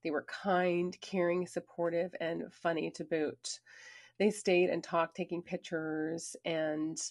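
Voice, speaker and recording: A woman's voice: fairly low pitch, level tone, takes it slowly. A woman reading her own memoir aloud in an earnest, emphatic storytelling manner, with casual conversational asides. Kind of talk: personal memoir narration.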